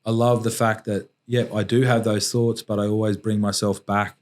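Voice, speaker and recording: A man, a podcast guest telling personal stories in a candid, reflective way with halting restarts. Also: lowish voice, little pitch movement, slight background noise. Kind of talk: candid storytelling in conversation.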